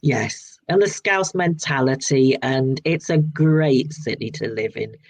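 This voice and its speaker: A woman in her sixties with a southern English accent, chatting as a guest author in a relaxed interview, rambling and restarting her sentences often. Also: extremely low pitch, a little slow. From southern England. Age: 60s. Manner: rambling, frequent restarts and repeated words. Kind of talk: casual interview chat.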